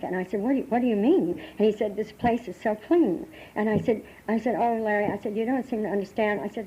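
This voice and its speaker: An older American woman sharing her recovery story at a meeting, halting and emotional, with many restarts, on a dull lo-fi tape from the 1980s. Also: medium pitch, dark tone, a little hiss or hum. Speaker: AA meeting speaker. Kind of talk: personal recovery talk.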